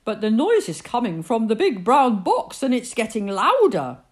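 A woman voicing a rough-talking male burglar who speaks loudly and exclaims, drawing out his words. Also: fairly high pitch, wildly swooping pitch, moderate pace, voice pushed up. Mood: exclaiming.

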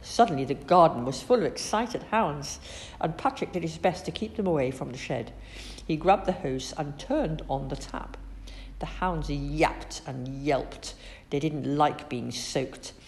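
A woman reading a children's story aloud in an expressive, animated way. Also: deep voice, a little slow, slight background noise.

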